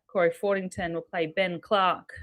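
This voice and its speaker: An Australian woman rattles through a live darts draw in a brisk, matter-of-fact way, laughing easily. Her voice sits a little low for a woman. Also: flat delivery, a bit bright. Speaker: darts co-commentator. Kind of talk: live results rundown.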